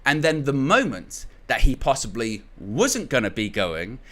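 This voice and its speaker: Man, young adult, football channel host, casual opinion talk, rambling with restarts, bright forceful tone. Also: mid-range voice, sing-song, a little slow. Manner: rambling, frequent restarts and filler words.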